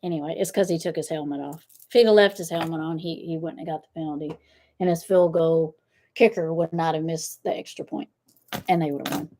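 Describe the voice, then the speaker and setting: A woman's voice: deep voice, fairly even intonation, fairly quick, dark tone, a little hiss or hum. A middle-aged woman, chatting casually with her livestream viewers, frank and blunt, laughing often. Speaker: tarot livestream host.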